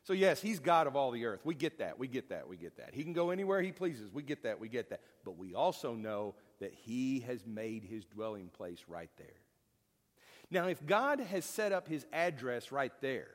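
A man's voice: medium pitch, very animated, normal speed. A man teaching a Bible lesson in a folksy, conversational, joking way. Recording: long hall reverb.

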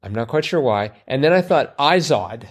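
A man's voice: mid-range voice, expressive, normal speed, husky. A man, co-hosting a casual chat about a crossword, rambling and joking at his own expense. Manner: joking, rambling, self-mocking. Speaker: podcast co-host.

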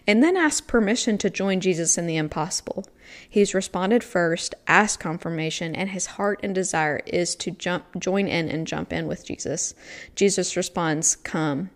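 A woman hosting a devotional podcast, teaching on a scripture passage in an earnest, reflective way with pauses for emphasis. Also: medium pitch.

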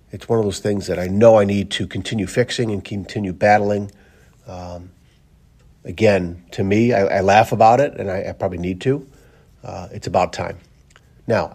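A man with a low, gravelly voice delivers an earnest, rambling daily pep talk. His tone is husky and rough around the edges, full of fillers and repeated encouragements. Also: darkish tone. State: briefly choked up. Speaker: motivational podcast host, coach. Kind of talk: casual motivational monologue. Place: driving to work, in a car.

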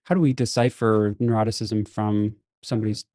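A man's voice: on the low side, steady tone, brisk, warm tone, dry recording, studio quality. A man hosting an interview, asking thoughtful, probing questions. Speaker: interview host.

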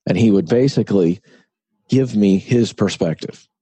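A man's voice: fairly low pitch, normal speed, warm tone, husky, no echo. A middle-aged man, an author and broadcaster, speaking earnestly in an interview and telling stories with emphatic repetition. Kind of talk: conversational interview.

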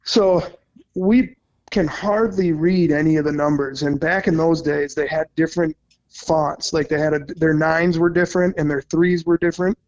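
A man in his thirties from Minnesota, a hunting guide telling stories casually, excitable and profane, laughing mid-story. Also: on the high side, moderate pace, dull audio. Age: 30s.

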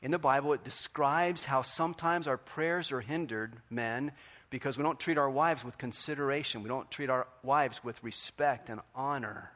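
A middle-aged man preaching a sermon in a conversational way, asking the congregation questions and swinging from quiet to loud. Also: mid-range voice, normal speed. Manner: conversational, asks the audience questions. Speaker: pastor.

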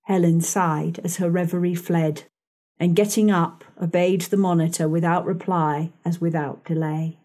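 A woman narrating a classic novel for an audiobook in a measured, even delivery. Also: on the low side.

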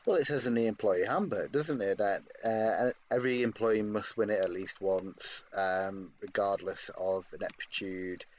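A man's voice: on the low side, moderate pace, few pauses, a little mellow. A man co-hosting a casual podcast, hesitant, with many ums and restarts. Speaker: podcast co-host. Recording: dull lo-fi mic with faint noise.

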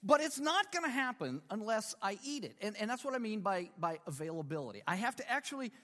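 Animated high-voiced male preacher in a hall. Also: fast talker. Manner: conversational preaching with rhetorical questions and humor. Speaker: pastor. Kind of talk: sermon.

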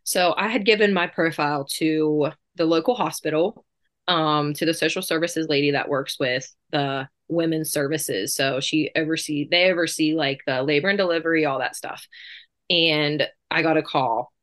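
A woman in her thirties telling her story as an interview guest, chatty and quick, with many fillers. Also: low voice, fairly bright tone. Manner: chatty, fast bursts, lots of fillers.

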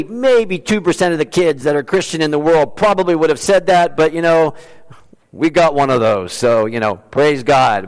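Earnest male pastor in a reverberant church. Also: on the high side. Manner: earnest, conversational preaching. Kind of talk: sermon. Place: church sanctuary. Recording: long reverb of a large church.

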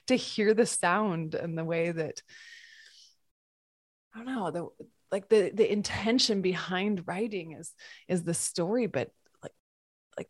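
A woman yoga teacher giving a reflective podcast talk, musing softly with halting restarts. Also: on the low side, breathy edge, no echo, studio quality.

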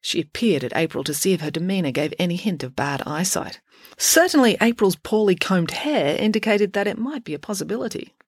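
A woman narrating a children's storybook with a wry, expressive reading. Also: fairly low pitch, brisk, slightly rough, dry recording, studio quality.

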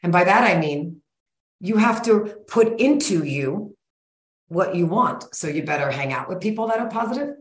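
Woman, 40s, blunt folksy coach, lowish voice, roomy echo. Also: animated, normal speed. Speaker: guest, sugar-cravings coach. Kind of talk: casual interview chat.

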